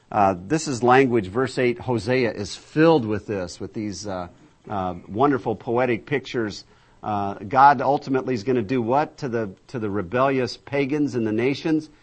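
A man preaching a sermon, reading scripture emphatically and talking directly to his listeners between verses with many fillers. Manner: booming emphatic scripture reading, conversational asides.

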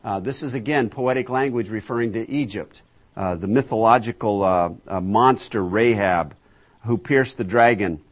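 A man preaching a sermon, reading scripture emphatically and talking directly to his listeners between verses with many fillers. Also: normal speed. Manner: booming emphatic scripture reading, conversational asides.

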